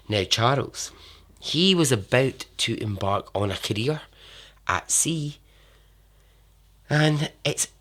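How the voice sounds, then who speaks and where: A man hosting a podcast, telling true survival stories in a casual way, repeating words for emphasis and letting phrases trail off softly. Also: lowish voice. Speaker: podcast host. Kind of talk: casual storytelling narration.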